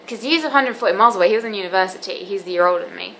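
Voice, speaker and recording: A teenage girl speaks earnestly to her camera, confiding in a halting way with plenty of ums. Her voice sits at an ordinary mid pitch. A faint hiss of background noise runs underneath. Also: fairly bright tone, low-quality recording. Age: teens. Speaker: vlogger. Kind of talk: candid personal vlog.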